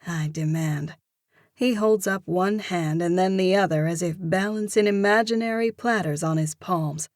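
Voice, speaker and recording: Woman narrator, first-person romance audiobook, measured, low voice, dry studio sound. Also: no room sound.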